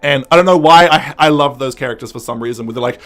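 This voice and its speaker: A man hosting a podcast, recapping a story in a casual, animated way with lots of fillers. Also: mid-range voice, quick pace. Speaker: podcast host. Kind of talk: casual review chat.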